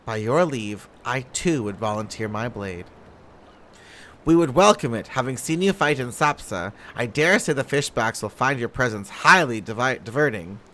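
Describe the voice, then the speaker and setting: A man voicing a formal, seasoned male naval commander from a game, reading in a lowered, stately manner. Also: expressive, moderate pace, bright, forceful tone, slight background noise.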